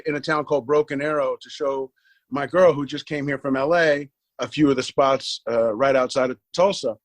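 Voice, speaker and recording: A middle-aged man, a podcast guest, telling a long story in a casual interview, acting out the dialogue and repeating words when excited. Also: on the high side, dry recording.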